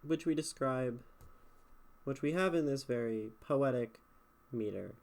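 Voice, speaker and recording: A man's voice: medium pitch, measured pace, a little mellow. A man streaming live, talking through a poem's meter in a casual, thinking-aloud way and sounding out rhythms. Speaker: streamer critiquing poetry.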